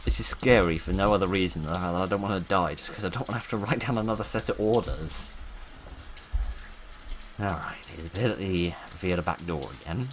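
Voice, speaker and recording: A man's voice: low voice, fairly quick, a little hiss or hum. A man chatting wryly to himself as he plays a game, talking through each step in a casual, rambling way. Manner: wry, chatty, talks to himself while playing. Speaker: gaming YouTuber. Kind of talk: casual let's-play commentary.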